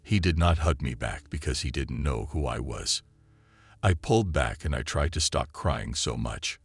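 A man narrating a listener's written story in the first person, in a calm and measured reading style. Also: very deep voice, creaky, slightly rough. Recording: soft music behind the voice.

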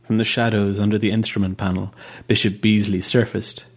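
Man narrating in a low, even voice. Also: fairly quick, breathy edge. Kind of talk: scripted audiobook narration.

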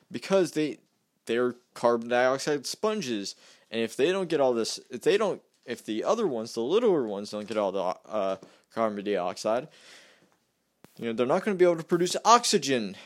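A man's voice: medium pitch, very animated, normal speed. A young man rambling through a casual political rant, repeating himself and mocking the other side. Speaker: vlogger.

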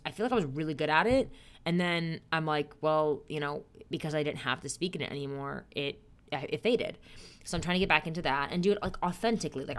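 A young woman in her twenties hosts a solo podcast in a casual, chatty style. She talks in a bubbly, playful way and laughs easily. Her voice sits a little low for a woman. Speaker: podcast host.

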